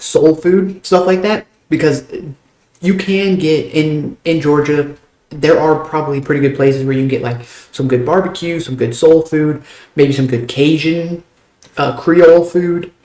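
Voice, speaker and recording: A young American man, chatting casually and fast with stream viewers, loose and a bit profane. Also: on the high side, a little mellow. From United States. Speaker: game streamer. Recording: roomy echo.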